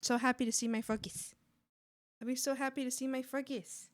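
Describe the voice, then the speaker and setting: Gushy young woman chatting on stream, kinda high voice, squeals n whispers a lot. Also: fairly even intonation, fairly quick, no echo. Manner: bubbly, gushing, swings into squeals and whispers. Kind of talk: casual chat while drawing.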